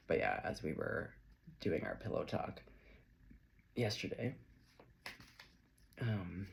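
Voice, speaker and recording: A man with a low, creaky voice gives a casual, chatty tarot reading to camera, drifting off on tangents. There is a little hiss or hum in the recording.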